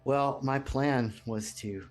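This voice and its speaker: A man playing a tabletop role-playing game who speaks hesitantly, with many pauses and restarts. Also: medium pitch, soft background music. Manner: hesitant, full of ums and restarts. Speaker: player. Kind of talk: casual tabletop play.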